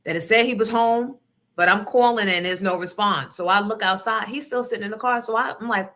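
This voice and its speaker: Animated, profane woman livestream host. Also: mid-range voice, fairly quick. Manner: animated, profane, acts out voices in her story. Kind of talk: casual chat, storytelling.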